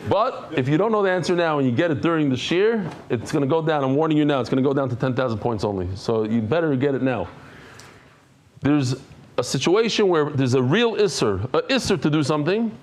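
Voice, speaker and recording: A middle-aged man with a somewhat high voice runs a Talmud class in a study hall. He chats casually with the room, jokes with people, and rattles off lists of names at speed. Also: animated. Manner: chatty, joking, reads names quickly. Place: study hall with a live audience.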